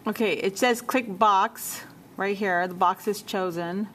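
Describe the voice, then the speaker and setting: A woman teacher walking a class through a software task step by step, repeating menu names as she checks her work. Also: mid-range voice, unhurried, slight background noise. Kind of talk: software tutorial walkthrough.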